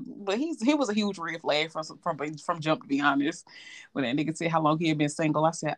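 A woman's voice: low-pitched, brisk. A young adult woman co-hosting a casual chat, often hedging and correcting herself as she talks, with frequent laughs. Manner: hesitant, self-correcting, laughs a lot. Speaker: podcast co-host.

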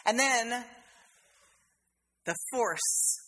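A woman's voice: fairly high pitch, drawn-out words, a bit bright, big-room sound. A woman pastor, preaching a sermon in a conversational, storytelling way with playful asides. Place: church sanctuary.

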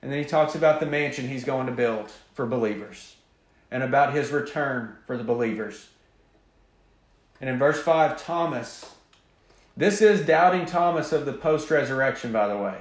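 A man preaching as a pastor, earnest and emphatic, opening with a quiet prayer. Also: medium pitch, animated, moderate pace, echoey room. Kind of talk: sermon.

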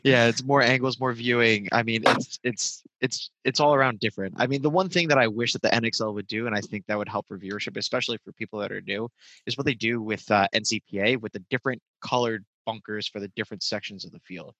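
A man's voice: fairly low pitch, fast talker, sharp tone, poor audio. A man from New Jersey chatting casually as a guest, hesitant and full of fillers. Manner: hesitant, stacks filler words. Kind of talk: casual chat.

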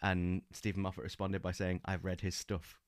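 A man's voice: low voice, completely flat delivery, normal speed, dry recording, studio quality. A man co-hosting a podcast, chatting casually and enthusiastically about books, with lots of fillers and restarts. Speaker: podcast co-host. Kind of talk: casual book-club chat.

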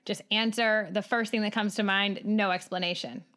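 A woman with a Midwestern accent, hosting and asking quick, playful quiz questions. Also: mid-range voice, steady tone, a bit bright. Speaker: host. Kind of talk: casual chat.

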